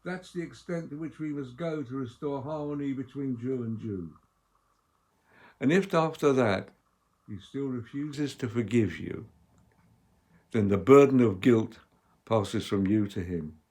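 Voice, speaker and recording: Guy preaching a sermon, measured and emphatic, gets loud then soft, mid pitch. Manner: measured, emphatic delivery with strong dynamic swings.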